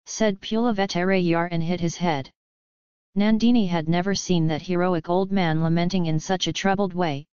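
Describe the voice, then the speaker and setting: A woman narrates an audiobook in an unhurried, even reading voice that stays much the same for every character. Her voice is low-pitched and very clean. The sound is dry and close, a little dull and muffled. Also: clear, resonant tone, dry recording. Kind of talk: even storybook reading of a translated novel.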